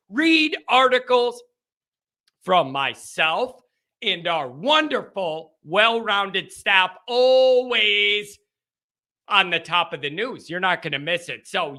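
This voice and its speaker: A man hosting a sports call-in show, talking in a high, gravelly voice that swings wildly up and down. His delivery is brash and pumped, a hype man rattling through plugs, with faint music underneath. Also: sharp tone.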